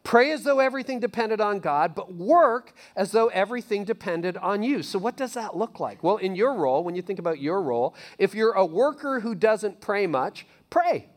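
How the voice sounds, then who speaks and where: A male pastor preaches in a loose, talky style, his voice sitting high and leaping around a lot. He punches key lines, then drops to a near-whisper. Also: normal speed, few pauses. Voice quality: animated, conversational preaching with sudden soft drops. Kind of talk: sermon.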